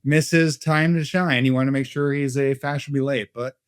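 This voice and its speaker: A man's voice: medium pitch, steady tone, a little fast, smooth, dry recording, studio quality. A man hosting a casual podcast chat, joking around and rambling. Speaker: podcast host.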